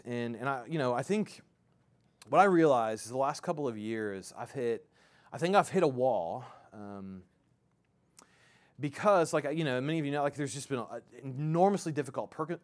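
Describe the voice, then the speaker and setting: A man in his thirties preaching a sermon as a pastor, in a conversational, halting way with many fillers and restarts. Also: medium pitch. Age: 30s.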